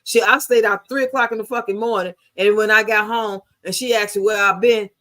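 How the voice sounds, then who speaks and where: A woman's voice: mid-range voice, fairly even intonation, brisk, bright, forceful tone. An American woman in her fifties telling stories in casual chat, blunt and heavily profane. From United States. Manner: blunt, profane, emphatic storytelling.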